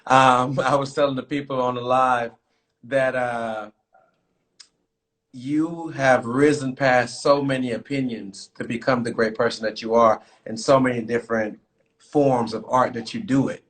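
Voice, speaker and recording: A man's voice: mid-range voice, fairly even intonation, unhurried, fairly bright tone. Laid-back male podcast host. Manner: loose, filler-heavy, hypes up viewers. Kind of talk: casual live-stream chat.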